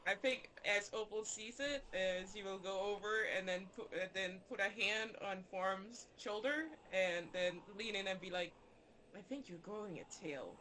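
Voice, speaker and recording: Bright, hesitant tabletop player. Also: mid-range voice, normal speed, few pauses, a little hiss or hum. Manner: hesitant, with fillers and restarts. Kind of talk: asking questions in a tabletop game.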